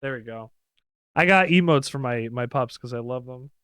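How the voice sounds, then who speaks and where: A man's voice: medium pitch, normal speed, a bit bright, clean tone, no echo. A man streaming a video game, giving casual, chatty, playful commentary.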